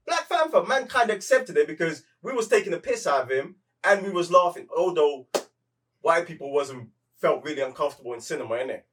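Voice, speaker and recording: A man reviewing a film in casual chat, slangy and halting, often repeating words. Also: fairly high pitch, lively intonation, fairly bright tone, distant mic, a little hiss or hum. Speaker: movie reviewer.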